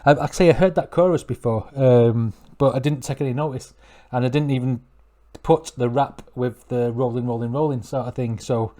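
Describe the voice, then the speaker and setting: A middle-aged man talks through a song he is reacting to. He rambles, restarts his sentences and gets excitable as he goes. His voice sits at an ordinary middle pitch. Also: normal speed. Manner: rambling, self-correcting, excitable. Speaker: music reaction channel host. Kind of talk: casual reaction commentary.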